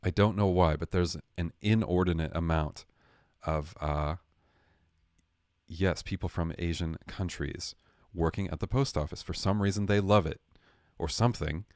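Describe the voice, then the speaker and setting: A young man with a deep, low-pitched voice rambles through a comedic rant on his livestream. He swears freely, stays sarcastic, and sounds close and dry with no room echo. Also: moderate pace. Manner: rambling, sarcastic, swearing, lively impressions of others. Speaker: livestream host.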